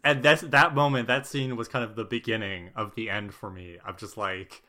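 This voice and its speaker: Bright-toned male co-host, sarcastic, animated, exasperated. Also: fairly low pitch, normal speed. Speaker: podcast co-host; teacher. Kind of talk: casual chat.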